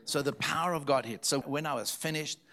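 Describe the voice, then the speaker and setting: A man's voice: fairly high pitch, fairly quick, pushed and bright. A male pastor from Zimbabwe telling stories in a sermon, emphatic and repeating key phrases for effect. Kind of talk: storytelling sermon.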